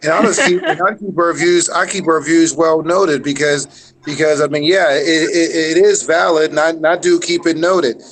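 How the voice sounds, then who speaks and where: Halting man, slightly high voice. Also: fairly even intonation, a bit bright, poor audio. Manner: halting, repeats himself. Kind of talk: casual chat.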